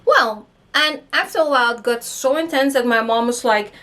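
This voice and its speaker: Young woman vlogger, high pitched, animated storyteller who acts out dialogue. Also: normal speed. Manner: animated, acts out quotes, swears, laughs. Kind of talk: casual storytime chat.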